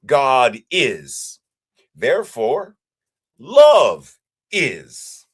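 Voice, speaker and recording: A male minister giving a sermon in a measured, rhythmic way, with repeated phrases and playful asides. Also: mid-range voice, huge pitch swings, slightly rough.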